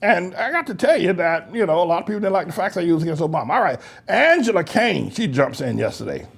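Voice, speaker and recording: A male pastor giving mocking commentary on comments he reads aloud, laughing often and swinging between loud highs and low mutters. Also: big pitch swings, fast talker, vocal fry, slightly rough. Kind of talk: preacher's commentary reading online comments.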